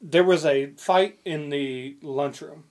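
A young man with a slightly high, darkish voice speaks slowly as co-host of a casual podcast. He rambles through stories in relaxed chat, packing in fillers, restarts and swearing.

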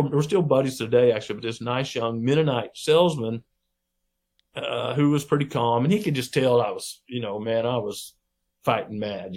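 Middle-aged man, folksy interview guest, animated storyteller who acts out the people he quotes. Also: mid-range voice. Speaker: podcast guest, wildlife researcher.

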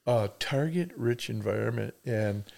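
Gravelly middle-aged man, folksy storyteller. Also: mid-range voice, unhurried, darkish tone. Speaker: family guest. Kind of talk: casual storytelling chat.

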